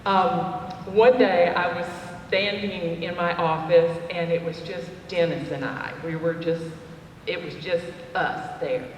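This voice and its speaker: A woman telling a personal story to a women's dinner, slow and chatty with fillers. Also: on the low side, fairly even intonation, slight background noise. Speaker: cafe owner speaking at a women's dinner. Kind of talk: personal testimony talk. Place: church fellowship hall. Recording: echoey hall, voice from far off.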